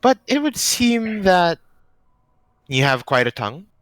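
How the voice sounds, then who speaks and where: A man voicing a scheming male noble who talks in a persuasive sales-pitch way. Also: sing-song, a little slow, a bit bright, smooth, dry recording, full character voice.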